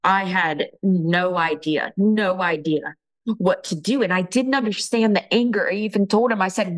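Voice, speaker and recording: A woman telling her own story of a painful relationship, halting and emotional, with frequent restarts. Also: medium pitch, low-quality recording. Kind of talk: personal testimony.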